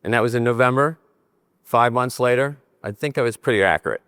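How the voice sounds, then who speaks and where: An older man from New Jersey giving a conference presentation, animated and joking as he talks with his hands. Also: mid-range voice, fairly quick, smooth, no echo, clean studio sound. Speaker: conference speaker. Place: conference session room.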